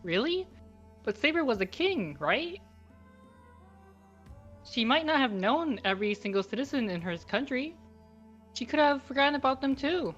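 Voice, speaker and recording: A woman reading lines in a group stream in a steady, explaining way. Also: sits high, normal speed, pauses often, muffled recording, soft background music. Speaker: voice reader on a stream.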